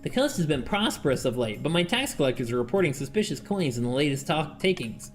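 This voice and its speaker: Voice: medium pitch, very animated, fast talker, soft background music, lightly acted. A streamer putting on a vampire accent to voice a theatrical noble courtier in a game, in ornate, archaic speech.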